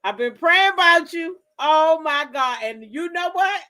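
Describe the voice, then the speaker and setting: A woman from the DC hosting a casual livestream, telling stories straight to her viewers in an animated, profane way. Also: very high voice, measured pace. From Kensington, Maryland, near Washington DC. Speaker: livestream gossip host. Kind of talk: casual chat with live viewers.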